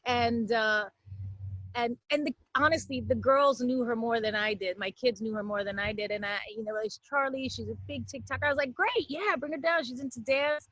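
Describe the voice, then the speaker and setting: Talk show guest, woman, high voice, lively storyteller, dry dull video-call sound. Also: brisk, dry recording. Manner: animated storyteller, laughs often. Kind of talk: casual talk show chat. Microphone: video call from home.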